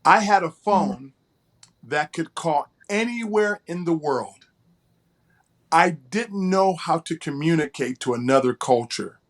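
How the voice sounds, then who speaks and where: A man with a fairly high voice co-hosts an interview show and shares a personal story. He speaks earnestly and often repeats a word or two before a phrase gets going. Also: animated, a little slow, a bit bright. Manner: earnest, repeats words when starting a phrase. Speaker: co-host.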